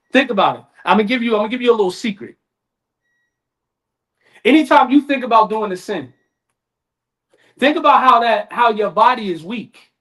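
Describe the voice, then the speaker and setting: Man, sermon, high voice, slangy, dramatic. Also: fairly bright tone. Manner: casual street talk, dramatic, acts out voices. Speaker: lecturer.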